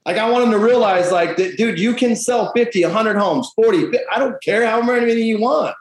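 A man's voice: sits high, normal speed. A man coaching real estate agents in a blunt, profane, punchy motivational talk. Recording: echoey room.

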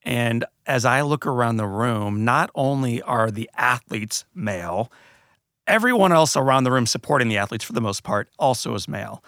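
A man's voice: mid-range voice, expressive, moderate pace, a bit bright, no echo, clean studio sound. A man hosting an interview, asking curious, complimentary questions. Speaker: interview host. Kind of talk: conversational interview.

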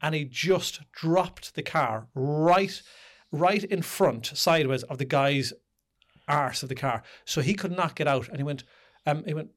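A man with a fairly high voice, co-hosting a casual podcast. He tells stories in a lively way and acts out each person in them. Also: moderate pace. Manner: lively storyteller, acts out the people in his story. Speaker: podcast co-host. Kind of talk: casual podcast chat, telling an anecdote.

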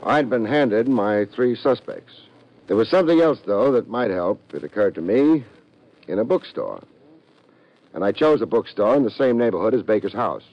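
A man's voice: on the low side, expressive, normal speed, a little hiss or hum. An actor playing a wry, hard-boiled male private detective who narrates and trades dry wisecracks, in 1950s radio drama style. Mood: narration. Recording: dull lo-fi old radio recording.

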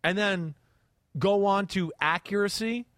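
A fairly high-voiced man talks through football film on his podcast, getting animated and acting out a quarterback's reads with little sound effects. The sound is dry and close to the mic, with no room around it. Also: unhurried, no room sound. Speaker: podcast host and quarterback analyst. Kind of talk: casual podcast chat.

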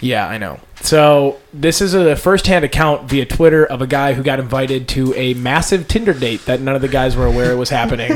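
A man co-hosting a casual podcast. He jokes with his friends and reads a story aloud in a relaxed, drawling way. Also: medium pitch, normal speed. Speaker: podcast co-host.

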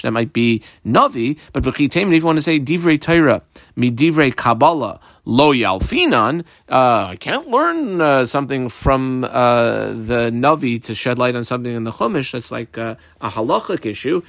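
A man's voice: mid-range voice, lively intonation, moderate pace, vocal fry, a bit bright, dry recording, clean studio sound. A man teaching a Talmud page step by step, reading Hebrew and Aramaic phrases aloud in Ashkenazi pronunciation and translating each as he goes. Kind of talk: daf yomi Talmud lesson.

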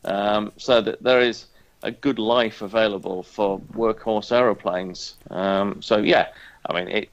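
A man's voice: fairly low pitch, lo-fi sound. A man chatting casually as a podcast co-host, hesitant with many ums and a dry sense of humour. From northern England. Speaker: podcast co-host, airline pilot. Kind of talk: casual chat.

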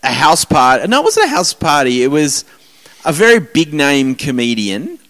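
A man's voice: a little high, very animated, moderate pace, a bit bright. Rambling, swearing man. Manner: rambling, swearing, self-mocking storyteller. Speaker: podcast host. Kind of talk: casual podcast chat.

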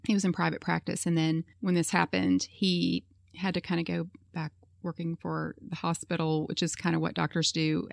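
Woman telling a crime story casually, lotsa fillers, kinda fry-ish voice, dry mic. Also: lowish voice, level tone, moderate pace, no room sound. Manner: chatty, with many fillers like "you know". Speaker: podcast host.

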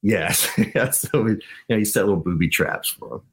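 A man's voice: fairly low pitch, normal speed. A man guesting on a podcast, telling rambling anecdotes and laughing often in casual chat. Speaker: guest, band frontman.

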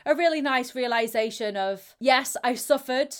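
A woman's voice: high voice, moderate pace, clear, resonant tone. A young woman, an athlete being interviewed, speaking candidly and acting out the voices of people she quotes. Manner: animated, acts out quoted voices, laughs readily. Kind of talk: candid conversational storytelling.

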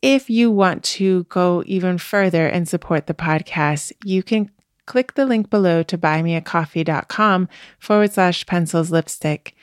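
A woman's voice: lowish voice, a little slow, dry recording, studio quality. A woman hosting a podcast in a chatty, upbeat way, her voice slightly worn as she is losing it. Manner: chatty, upbeat, laughs easily. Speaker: podcast host. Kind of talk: casual podcast chat.

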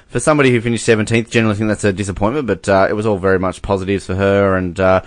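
A man's voice: lowish voice, fairly even intonation, racing, no echo. A man co-hosting a casual sports podcast, rambling and joking with many fillers. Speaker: podcast co-host.

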